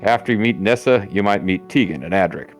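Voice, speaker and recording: A man's voice: fairly low pitch, a little fast, faint music behind, close to an everyday voice. A man voicing a folksy male lodge keeper in a game, reading his lines with playful jokes thrown in. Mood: jokey. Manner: playful, jokey ad-libs. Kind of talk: reading game dialogue aloud in a put-on voice.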